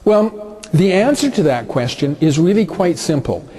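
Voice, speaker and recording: A man with a somewhat high voice leads a lesson by telling a story. His delivery is relaxed and conversational, with frequent fillers as he goes. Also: moderate pace. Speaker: business teacher.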